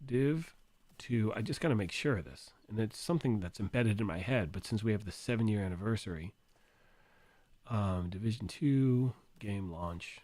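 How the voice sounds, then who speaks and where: Hoarse gaming streamer, low voice. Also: male voice, animated, moderate pace, dry recording. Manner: rambling, thinks out loud, reads chat. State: hoarse, losing his voice. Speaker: gaming livestream host. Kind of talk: casual livestream chat.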